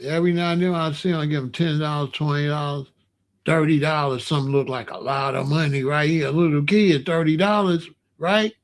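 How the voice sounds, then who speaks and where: A man telling a casual personal story in a loose, streetwise way, sometimes dropping into low murmurs. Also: fairly even intonation, a little fast. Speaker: storyteller host.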